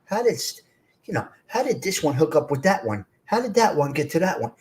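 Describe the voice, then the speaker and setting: A middle-aged man hosts a live stream in a blunt, streetwise way. His voice sits a little high for a man. He talks straight to his chat as if they were at the table with him. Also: big pitch swings, fairly quick, darkish tone. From North Jersey. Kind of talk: casual live chat reading comments.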